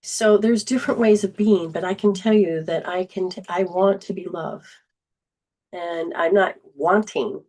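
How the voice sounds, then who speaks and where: A woman with a lowish voice speaks unhurriedly while hosting a spiritual self-help talk as a healing coach. Earnest and conversational, she often begins sentences again and briefly acts out recalled exchanges in lively quoted voices.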